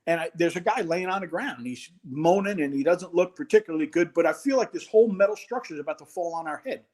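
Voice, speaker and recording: A middle-aged man, a former college football head coach, telling an animated story in a casual interview and acting out the voices in it. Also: a little high, quick pace.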